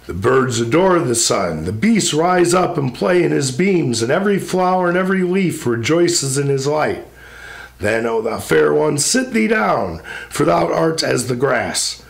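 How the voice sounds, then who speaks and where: A man reciting the lines of a gentle, consoling male spirit in a poetry recitation, reassuring and measured. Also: a little high, vocal fry.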